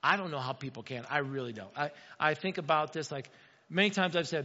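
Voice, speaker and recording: A man delivers a sermon as pastor, his voice high and bright, pressing key lines by repeating them. The sound is muffled and dull, with a long reverb trailing through a large hall. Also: brisk. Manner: emphatic, repeats lines for stress.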